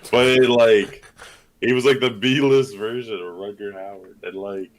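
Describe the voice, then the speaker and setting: A man with a fairly low voice chats loosely about a film he just watched. He jumps into loud, high-pitched bits when he acts out scenes. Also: steady tone, a little slow. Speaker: podcast co-host. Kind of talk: casual movie chat.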